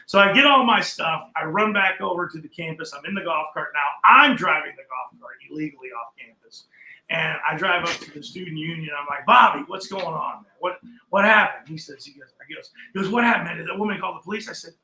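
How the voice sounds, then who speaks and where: Older man, animated storyteller, high bright voice, roomy echo. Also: fast talker, slight background noise. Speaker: podcast guest. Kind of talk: casual storytelling in a chat.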